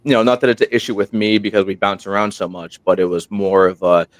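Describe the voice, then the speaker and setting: A man on a podcast, a guest who hosts his own show, telling stories in a rambling, animated way and acting out quotes, sounding tired at night. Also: lowish voice, fast talker, no echo. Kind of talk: casual interview storytelling. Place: remote room while on military deployment. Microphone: single portable microphone.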